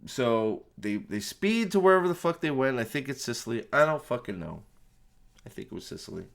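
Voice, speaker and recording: A man's voice: medium pitch, very animated, brisk, vocal fry, fairly bright tone. A man ranting through a spoiler movie review, exasperated, profane and rambling.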